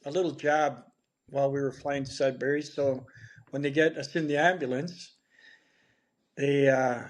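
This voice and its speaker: A man's voice: mid-range voice, fairly even intonation, moderate pace. A man, a podcast guest telling a story in a chatty, blunt way and laughing along. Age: 70s. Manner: chatty, blunt, swears freely, laughs through stories. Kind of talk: casual storytelling.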